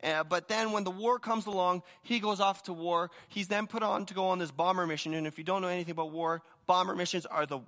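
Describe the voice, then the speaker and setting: A man's voice: sits high, fairly even intonation, quick pace, hardly any pauses, fairly bright tone, big-room sound. A man preaching a sermon with energy, telling stories and often repeating words as he starts a thought. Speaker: pastor.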